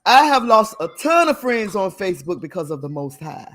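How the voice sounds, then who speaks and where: A woman's voice: medium pitch, sing-song, moderate pace, a bit bright. A woman hosting a livestream, talking casually and emphatically to her viewers, often laughing and sounding preachy. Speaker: livestream host.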